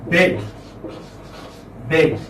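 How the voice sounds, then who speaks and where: A man's voice: drawn-out words, fairly bright tone. A man teaching English phonetics in a classroom lecture, saying words again and again and quizzing his students. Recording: echoey classroom, distant mic, faint noise.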